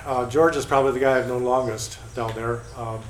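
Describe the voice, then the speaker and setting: A man's voice: mid-range voice, steady tone, fairly quick. Guy rambling thru stories, lots of ums and restarts, kinda echoey room w faint hiss. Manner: hesitant, many fillers and restarts. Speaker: photographer telling stories. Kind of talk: casual storytelling.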